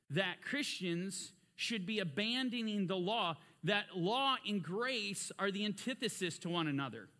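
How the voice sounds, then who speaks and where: A man preaching through a Bible lesson in a high, bright voice. He speaks with emphatic fervor and keeps pressing his listeners with rhetorical questions. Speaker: Bible teacher. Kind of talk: sermon-style Bible teaching.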